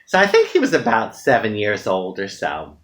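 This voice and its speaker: Woman, from the US, casual vlog storytelling, frank and dramatic, swinging pitch. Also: moderate pace. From United States. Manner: frank, animated, dramatic retelling with frequent laughter. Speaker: vlogger.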